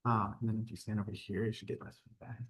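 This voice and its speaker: A man's voice: on the low side, flat delivery, quick pace, breathy edge, dry recording. A man giving brief, practical instructions about setting up the sound.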